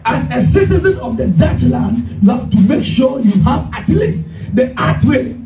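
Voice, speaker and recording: A man's voice: very high-pitched, very animated, normal speed, dark tone, a little hiss or hum. A man preaching a sermon as pastor, emphatic and calling the congregation to repeat after him. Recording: echoey hall, distant mic, music behind.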